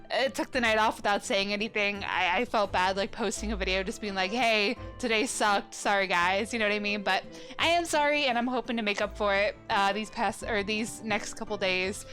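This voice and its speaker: Young woman gamer host, rambling, gunky throat, a little high-pitched, faint music. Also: brisk, a bit bright. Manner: chatty and rambling, self-correcting. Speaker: let's play host. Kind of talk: casual gameplay commentary.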